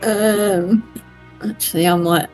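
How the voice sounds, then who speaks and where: A woman's voice: mid-range voice, fairly even intonation, slow, darkish tone, faint music behind, rough recording. A woman playing a tabletop game, casual and hesitant, swearing lightly. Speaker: player.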